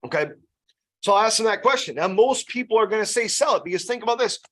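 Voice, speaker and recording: A man's voice: sits high, lively intonation, quick pace, fairly bright tone. A man running a casual sales training session, chatty and loose, often checking in with "you know" and "right?". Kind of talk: casual team training talk.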